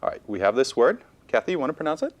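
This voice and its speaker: A man's voice: mid-range voice, sing-song, rapid-fire, muffled recording. A man teaching a bilingual televised Spanish lesson, encouraging and checking in with students with frequent okays.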